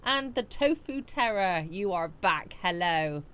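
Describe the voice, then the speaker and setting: A woman's voice: mid-range voice, expressive, measured pace, fairly bright tone, smooth. A woman from the West Country, hosting a live chat stream from a small home studio, sleepy and yawning as she greets viewers by name and answers their comments. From West Country, England. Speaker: livestream host.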